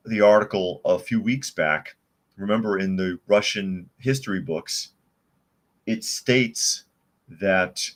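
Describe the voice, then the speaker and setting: Brief: low-pitched male podcast host, sarcastic and indignant, reacting to headlines and chat. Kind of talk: live news commentary, reading chat.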